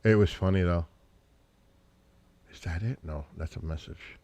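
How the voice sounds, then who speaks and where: Low-voiced rambling male stream host. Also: a little slow, a little hiss or hum. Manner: rambling, talks to chat and family, breaks into loud exclamations. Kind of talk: casual live stream chat.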